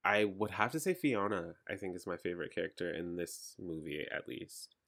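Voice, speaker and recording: A man in a casual movie discussion, enthusiastic and a bit halting. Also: sits low, animated, creaky, a bit bright. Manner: enthusiastic, halting, self-admittedly biased.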